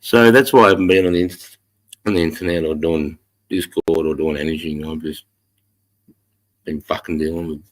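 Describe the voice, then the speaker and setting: A man's voice: rumbling low, fairly even intonation, moderate pace, pauses often. A middle-aged man with an Australian accent, chatting on a livestream in a blunt, heavily profane way. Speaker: livestream host. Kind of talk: casual livestream chat to viewers.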